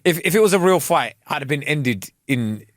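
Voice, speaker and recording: A man co-hosting a podcast, telling a story with lots of slang. His pitch swings widely as he talks. The sound is dry and close. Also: lively intonation, normal speed, dry recording. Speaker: podcast co-host. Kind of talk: casual chat.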